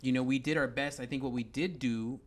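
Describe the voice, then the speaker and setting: A man guesting on his wife's podcast in a sewing studio, relaxed and conversational, recapping their business history. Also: mid-range voice, a little fast. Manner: relaxed, recaps and backs up the host's story. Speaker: guest, host's husband. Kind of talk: casual podcast chat.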